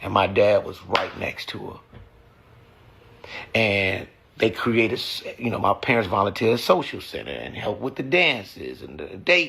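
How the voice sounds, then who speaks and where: A man's voice: fairly low pitch, very animated, measured pace, creaky, pushed and bright, husky. A man talking casually and emotionally about his family and faith, blunt and full of cussing. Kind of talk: casual reflective talk.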